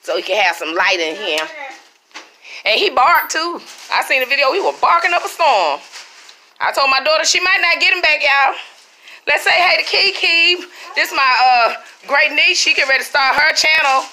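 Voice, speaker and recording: A woman's voice: sits high, animated, moderate pace, sharp tone, a little hiss or hum. A middle-aged woman, chatting casually to her viewers at home. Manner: chatty, talks to viewers as y'all. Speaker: vlogger. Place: living room at home.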